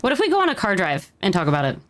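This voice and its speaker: A woman's voice: medium pitch, wildly swooping pitch, rapid-fire, a bit bright. A woman streaming a role-play game as a mayor, chatting casually and playfully.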